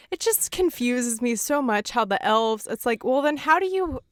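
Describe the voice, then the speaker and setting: A woman hosting a podcast, chatting casually and laughing through quick asides while recapping a film. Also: on the high side, animated, no echo, studio quality. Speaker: podcast host.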